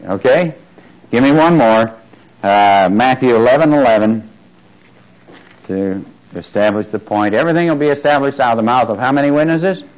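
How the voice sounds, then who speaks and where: A man's voice: mid-range voice, poor audio. A man preaching a sermon in a conversational way, questioning his listeners and swelling on key words. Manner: conversational, asks the congregation questions.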